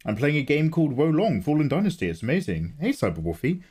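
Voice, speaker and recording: Casting: english male streamer, lively sing-song delivery, chatty and self-mocking. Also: fairly high pitch, fairly quick, husky. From England. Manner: chatty, greets viewers, self-deprecating jokes. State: sleepy, low energy. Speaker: livestream host, illustrator. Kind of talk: casual livestream chat.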